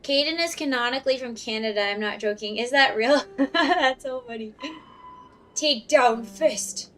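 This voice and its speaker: A woman's voice: high voice, a little slow, fairly bright tone. A young woman streamer giving casual, chatty, giggly commentary while playing a video game at home on a desk mic. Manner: chatty, giggly, self-mocking. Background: game music.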